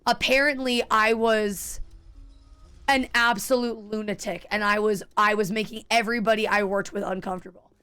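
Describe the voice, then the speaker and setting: A woman's voice: medium pitch, steady tone, moderate pace, bright, forceful tone, smooth. Candid, rambling woman streamer. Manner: candid, rambling, frequent restarts and swearing. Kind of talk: casual chat while gaming.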